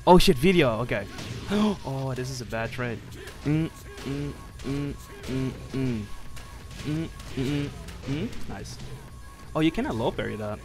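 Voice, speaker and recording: A man giving casual live commentary while playing an online fighting game, excitable, swearing and laughing often, with sudden yelps. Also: medium pitch, unhurried, long pauses, over music.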